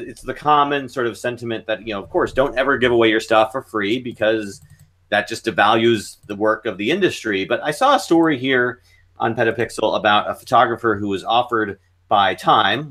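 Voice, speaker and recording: A man's voice: on the low side, normal speed, a bit bright. A man hosting a photography podcast, asking long winding questions filled with "you know". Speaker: podcast host. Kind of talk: podcast interview.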